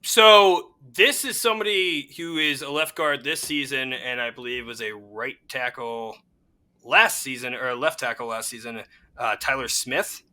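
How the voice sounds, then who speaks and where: A young man co-hosting a casual sports chat, excitable and fan-ish, quick to laugh. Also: mid-range voice. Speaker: podcast co-host.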